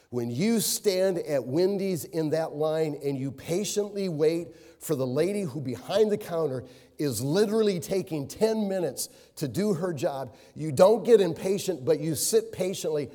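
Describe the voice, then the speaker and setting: In a church sanctuary with long reverberation, a middle-aged pastor with a warm voice on the high side preaches a sermon. He drives home key words through repetition and breaks into anecdotes with a chuckle.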